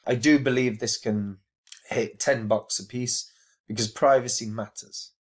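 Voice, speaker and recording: A man's voice: mid-range voice, steady tone, a little slow. A man giving a casual crypto review to camera, earnest and emphatic, often repeating his words for stress.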